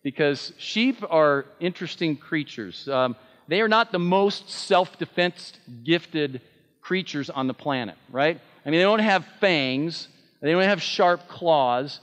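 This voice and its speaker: Earnest preacher in a reverberant hall. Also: male voice, a little high, lively intonation, slow, a bit bright. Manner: earnest, emphatic, with fillers and restarts. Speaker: pastor. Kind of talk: sermon.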